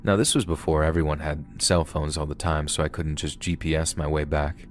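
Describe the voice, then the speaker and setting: A man with an extremely low, deep voice narrates a first-person scary story, calm and steady. Soft music plays faintly beneath him. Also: brisk. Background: background music.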